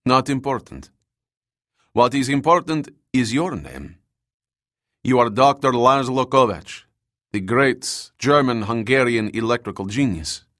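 A man's voice: mid-range voice, animated, unhurried, a bit bright, no echo, clean studio sound. A man reading the lines of a Soviet agent who speaks with mocking, genial politeness. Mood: genial menace.

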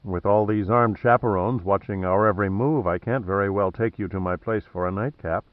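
A man reading an audiobook plays a wry, cocky male adventurer who stays cool under threat, mocking and deliberate. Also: fairly low pitch, no echo, phone-quality sound, natural voice.

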